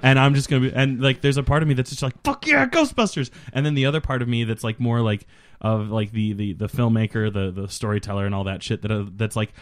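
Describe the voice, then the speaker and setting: A young man who is a guest on a podcast, chatting casually and excitably with lots of fillers. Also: on the low side, fast talker, clean tone. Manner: excitable, fillers, bursts into singing and quoting.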